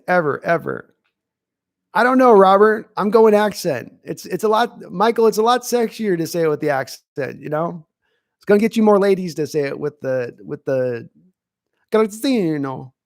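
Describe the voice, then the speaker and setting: A man's voice: a little high, a little mellow, dry recording, studio quality. A man hosting a live sports stream, chatting casually and answering viewers' questions from the chat as he thinks aloud. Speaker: podcast host reading live chat.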